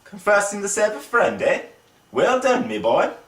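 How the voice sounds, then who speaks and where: A man voicing a stern, pompous older schoolmaster in a storybook reading, speaking high and loud. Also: sing-song, moderate pace, echoey room, far from the mic. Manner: stern, blustering.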